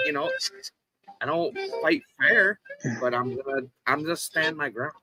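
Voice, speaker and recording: A man in casual conversation, swearing freely and retelling a roadside run-in with animated energy. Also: fairly high pitch, takes it slowly, long pauses, rough recording. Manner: profane storyteller, animated retelling of a confrontation. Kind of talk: casual chat.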